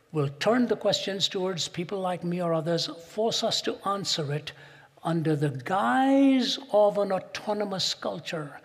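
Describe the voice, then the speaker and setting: A man giving a Christian talk to an audience, arguing his point and telling stories, slowing down and pressing hard on key phrases. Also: fairly high pitch, husky. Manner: rhetorical, storytelling, slows and presses for emphasis. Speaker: Christian speaker. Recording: long hall reverb.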